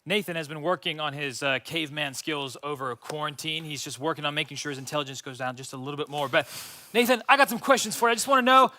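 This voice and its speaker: Bright, high-voiced young male host. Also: fast talker. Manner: playful, teasing and excitable. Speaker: host of a youth web show. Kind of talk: upbeat live show hosting.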